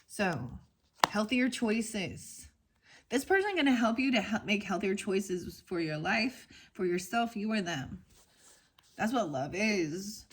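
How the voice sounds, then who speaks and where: Woman doing a tarot reading for her viewers, talks slow, frank and kinda rambly, mid pitched. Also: animated, a little hiss or hum. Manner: rambling, frank, swears, goes off on tangents. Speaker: tarot reader.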